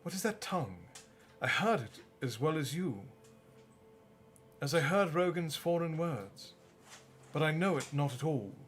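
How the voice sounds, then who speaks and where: A man voicing an earnest, puzzled male character who asks questions in a raised, quieter tone. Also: a little high, animated, a little slow, soft background music, voice pushed up.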